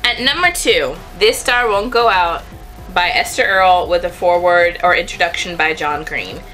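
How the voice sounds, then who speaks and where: Bright-voiced chatty young woman vlogger. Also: fairly low pitch, normal speed, faint music behind. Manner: chatty, rambling, self-correcting. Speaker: book vlogger. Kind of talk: casual chat to camera.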